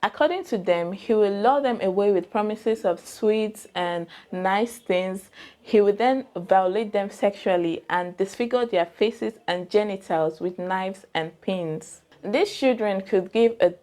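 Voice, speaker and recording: A young woman with a Nigerian accent hosts a true crime channel, casually retelling a case in a chatty, digressive way and often asking her viewers questions. Her voice is medium-pitched, mellow and measured.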